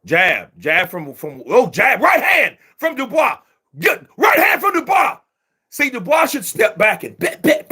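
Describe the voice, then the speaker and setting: Hyped up guy yelling over a boxing fight, high bright husky voice, swears a lot. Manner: excitable, profane, shouting at the ref. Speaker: boxing commentator. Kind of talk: live fight watch-along commentary.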